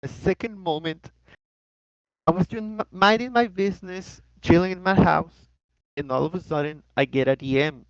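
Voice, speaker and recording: A man chatting on a podcast as a guest, telling a story with lots of swearing and high-pitched bits for quoted people. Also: normal speed, no room sound. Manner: animated, profane, jumps into high voices for quoted people. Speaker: guest co-host. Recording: dull, dry lo-fi recording.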